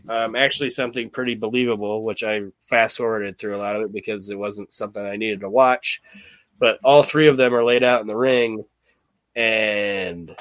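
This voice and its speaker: On a casual podcast, a male host rambles through an old wrestling event, cursing freely and mimicking the people he quotes in an animated retelling. His mid-range voice sounds bright and forceful, captured dry and close with no echo.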